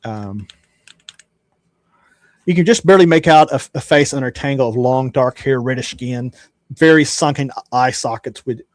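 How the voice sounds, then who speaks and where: A man's voice: mid-range voice, normal speed, long pauses, dry recording. A man narrating a tabletop game as game master in a casual way, with many fillers and restarts.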